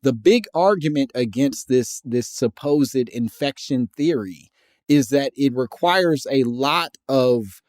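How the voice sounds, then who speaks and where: A man from Indiana co-hosting a comedy podcast, laying out his research in a relaxed, wry way. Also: mid-range voice, takes it slowly, no echo, clean studio sound. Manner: laid-back, wry, researched explanations. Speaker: podcast co-host. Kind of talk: casual comedic podcast chat.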